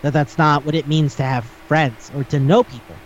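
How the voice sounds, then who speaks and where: A podcast host in loose, casual chat, a man who circles back over his words and swears offhandedly. His voice sits a touch higher than most men's, and the recording is a little dull with faint hiss underneath. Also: fairly even intonation, moderate pace.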